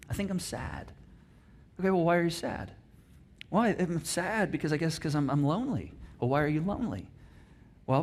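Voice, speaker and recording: A middle-aged man preaching a conversational sermon, acting out example thoughts. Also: high-pitched. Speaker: pastor.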